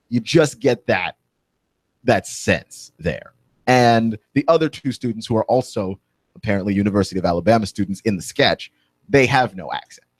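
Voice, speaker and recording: A man in a radio studio delivers a heated, opinionated monologue at a mid-range pitch. He presses his points with indignant emphasis, and the recording is close and dry with no room sound. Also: no echo. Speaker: radio talk show host.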